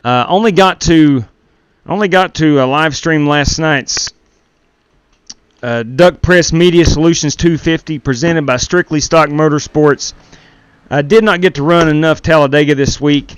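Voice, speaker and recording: A man's voice: a little high, unhurried, smooth, no room sound. A man hosting a sim racing live stream through a gaming headset, chatting casually with viewers while running the race lobby.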